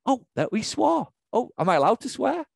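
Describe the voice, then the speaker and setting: Profane, emphatic business coach ranting. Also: male voice, very high voice, sing-song, creaky, darkish tone, no echo. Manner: profane, emphatic, rapid-fire rant. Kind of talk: ranting webinar talk. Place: online webinar.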